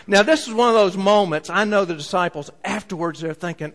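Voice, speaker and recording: A man preaching a sermon, telling a story with big swings from loud to soft. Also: high-pitched, a little fast, hardly any pauses. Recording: long hall reverb.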